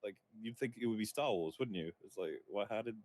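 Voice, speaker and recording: A man's voice: on the low side, animated, fairly quick, darkish tone. A man appearing as a guest on a live stream, chatting casually and laughing at himself. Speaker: guest video creator. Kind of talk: casual chat.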